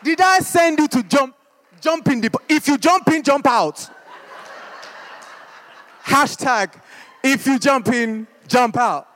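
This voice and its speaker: A man's voice: extremely high pitch, slow pace, long pauses, a bit bright, pitched above the performer's own voice, full character voice. A man putting on his exasperated mother, who scolds and repeats herself. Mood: scolding.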